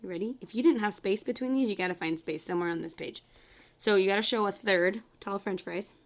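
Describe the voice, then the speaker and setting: A woman's voice: medium pitch, fairly quick. Woman, elementary math teacher; casual, chatty, self-correcting, counts aloud while drawing. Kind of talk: casual math lesson to kids.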